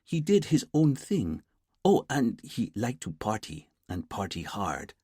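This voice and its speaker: A man's voice: mid-range voice, wildly swooping pitch, a little slow, warm tone, breathy edge, no echo, clean studio sound, heavily acted. A man doing a keen young police constable.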